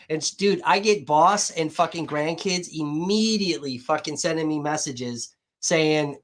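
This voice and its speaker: A man's voice: fairly high pitch, a little slow, a bit bright. A man livestreaming, rambling casually and profanely to his chat viewers, saying he feels hot and dehydrated.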